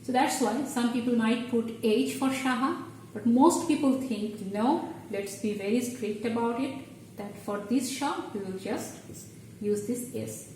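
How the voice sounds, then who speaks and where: The Bengali teacher's voice is a little high with a darkish tone, picked up from a distant mic with a little hiss or hum and faint ambience in an echoey room. She explains at the board patiently and step by step, with halting restarts.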